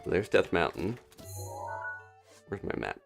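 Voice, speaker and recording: A man casually commentating his own gameplay on a live stream, chatting and thinking aloud with quick little laughs. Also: low voice, very animated, vocal fry, music in the background. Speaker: gaming streamer.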